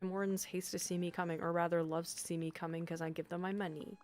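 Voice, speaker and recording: A Canadian woman chatting on a live stream, reading chat aloud and reacting with sudden bright exclamations. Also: lowish voice, little pitch movement, quick pace.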